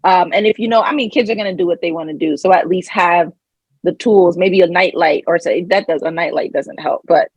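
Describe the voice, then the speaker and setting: A young adult woman co-hosting a podcast in casual chat, giggly and quick to laugh at her own jokes. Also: fairly low pitch, slightly rough, dry recording, muffled recording. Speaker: podcast co-host.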